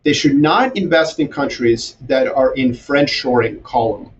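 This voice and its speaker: A man who grew up in Europe and the Middle East, talking as a podcast guest in a sarcastic, animated way with mocking asides. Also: medium pitch, unhurried. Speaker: guest strategist. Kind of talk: casual podcast conversation. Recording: distant, dull, slightly noisy remote audio.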